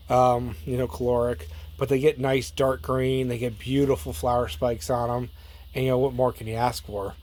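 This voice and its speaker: A man hosting a casual gardening vlog, rambling in a relaxed way with lots of fillers and trailing asides. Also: mid-range voice. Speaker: plant grower and channel host.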